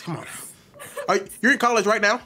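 A man's voice: sits high, fast, background noise. An American man hosting a casual video chat, teasing and provoking with jokes. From United States.

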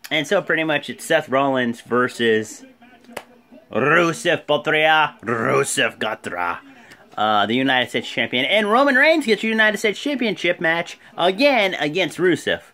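A man hosting a casual vlog, recapping events in a rambling, animated way. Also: fairly high pitch, unhurried. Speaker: host.

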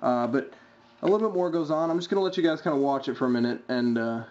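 Halting man, dull lo-fi commentary. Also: mid-range voice, a little mellow. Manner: halting, many uh's. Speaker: video uploader commenting on a clip. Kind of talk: casual opinionated commentary.

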